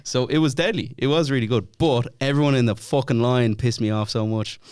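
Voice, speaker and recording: A man's voice: medium pitch, a little fast, clear, resonant tone, no room sound, clean studio sound. An Irish man chatting as a podcast guest, laughing and swearing a lot as he tells stories. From Ireland. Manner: laughing, swearing, animated storytelling. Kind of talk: casual chat.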